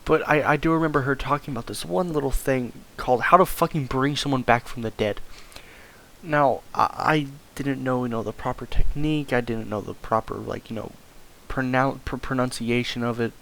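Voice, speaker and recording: A man's voice: mid-range voice, normal speed, vocal fry, a bit bright. Stammering, swearing male storyteller. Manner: stammering, repeats words, swears often. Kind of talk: rambling comedic storytelling.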